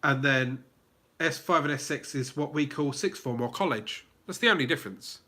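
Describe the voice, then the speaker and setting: A man's voice: fairly high pitch, normal speed, pushed and bright. A man with a southern English accent hosting a casual live Q&A, chatting, reading out viewer comments and restarting his sentences. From England. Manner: chatty, reads chat aloud, many fillers and restarts. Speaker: livestream host.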